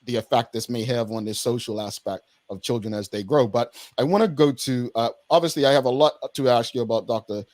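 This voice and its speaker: Bermudian talk show host, dry close sound. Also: male voice, medium pitch, a little fast, hardly any pauses, a little mellow, no echo. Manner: conversational, repeats words, thinks aloud.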